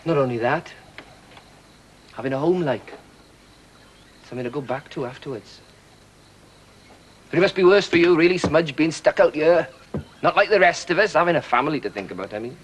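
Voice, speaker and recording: An actor playing a young Welsh private soldier, wistful and quick to take offence. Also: male voice, a little high, lively intonation, a little hiss or hum, natural voice. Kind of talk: 1980s television drama acting.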